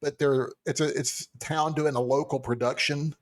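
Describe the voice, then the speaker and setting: A man's voice: fairly high pitch, steady tone, normal speed. A man in his fifties co-hosting a podcast, rambling and chuckling through casual chat. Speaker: podcast co-host.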